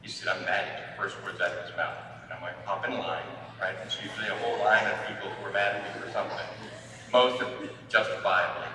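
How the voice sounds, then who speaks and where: A man, a family therapist, giving a sermon-style talk to a church audience, with halting speech and repeated words. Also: fairly low pitch, fairly even intonation, crowd noise. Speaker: marriage and family therapist speaking at a church event. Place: church hall. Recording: echoey hall from far off.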